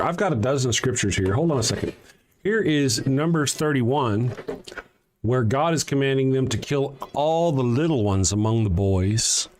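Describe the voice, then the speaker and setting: A man's voice: mid-range voice, animated, moderate pace. A man hosting a livestream, answering chat sarcastically and reading out verses in casual commentary. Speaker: livestream host.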